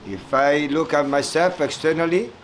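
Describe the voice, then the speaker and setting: A man giving a spiritual talk at a retreat, telling a folk story slowly and haltingly, searching for words and chuckling as he goes. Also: on the high side, a little hiss or hum, rough recording. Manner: halting, searching for words, many fillers and repeats. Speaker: spiritual teacher speaking at a retreat.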